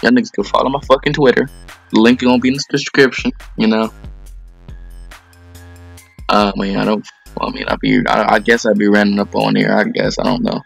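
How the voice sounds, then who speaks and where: A man's voice: lowish voice, steady tone, fairly quick, vocal fry, long pauses, soft background music. A young man giving heated, profane commentary over his own gameplay video, ranting with lots of slang.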